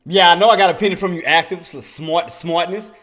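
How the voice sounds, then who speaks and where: Excitable man streaming day trades. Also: high-pitched, quick pace. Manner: excitable, chatty, often laughing and answering chat; mutters to himself while searching his screen. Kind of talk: casual livestream trading commentary.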